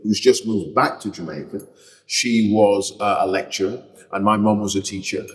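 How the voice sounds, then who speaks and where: A man's voice: fairly low pitch, moderate pace. Northern English man, roomy and distant. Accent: northern English, Lancashire. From Bolton, England. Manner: chatty, many restarts and self-corrections. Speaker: interview guest. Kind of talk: relaxed reflective conversation.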